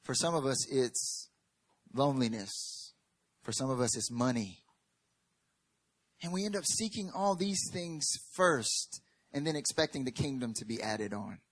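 A pastor preaching a sermon in an animated storytelling way, dropping to hushed lines and rising to loud ones. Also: male voice, medium pitch, measured pace. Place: church service.

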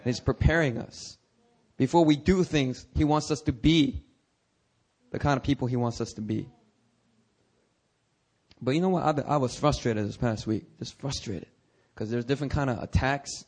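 A male pastor with a mid-range, slightly mellow voice and a breathy edge preaches at a normal speed, pausing often. His manner is candid and conversational toward the congregation, punctuated by dramatic cries that rise in intensity.

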